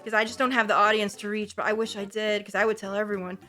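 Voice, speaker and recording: A woman livestreamer chatting casually to her viewers, animated, profane and playfully gushing. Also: medium pitch, quick pace, soft background music.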